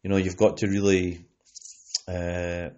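On a lo-fi podcast recording, a young Scottish host chats casually in a low, slightly mellow voice with little pitch movement and a measured pace. He rambles a lot, filling gaps with "you know what I mean."

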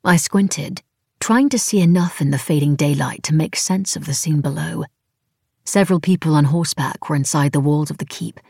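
Low-voiced woman narrating. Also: normal speed, darkish tone, husky, dry recording, studio quality. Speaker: audiobook narrator. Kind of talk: first-person scripted narration.

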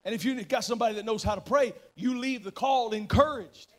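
A pastor preaching a church sermon, moving between shouted passion and hushed tones and calling on the congregation to respond. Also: male voice, high-pitched, fairly quick, few pauses. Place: church service. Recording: clear music playing behind the preaching.

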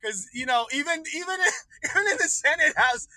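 A man's voice: extremely high pitch, expressive, normal speed, bright, forceful tone, dry recording, low-quality recording. Male livestream host, casual rant, swears a lot, dry close-miked sound. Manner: profane, rambling, laughs often.

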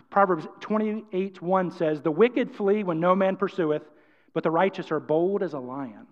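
A man's voice: high-pitched, a little slow. A man preaching a sermon with energy and emphasis, often acting out quotes. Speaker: pastor. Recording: dull sound, long church-hall reverb.

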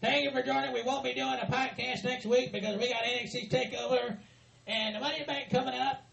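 Man hosting a podcast, ranting wrestling-promo style, very high and gravelly voice, crowd noise behind. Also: fairly even intonation, fast, lo-fi sound. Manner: blustering, cursing, shouting threats. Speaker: podcast host. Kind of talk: comedic wrestling-promo rant.

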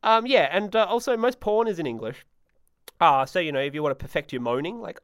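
A man's voice: a little high, lively intonation, quick pace, a bit bright, smooth, dry recording, studio quality. A young man hosting a solo comedy podcast, rambling and self-mocking, with sudden silly sung bits. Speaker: podcast host.

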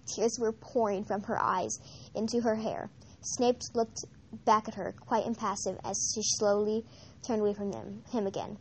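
Woman reading a story aloud, measured. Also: mid-range voice, fairly even intonation, a little mellow, slight background noise. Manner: measured, with occasional slips and restarts. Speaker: audiobook reader. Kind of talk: amateur read-aloud narration.

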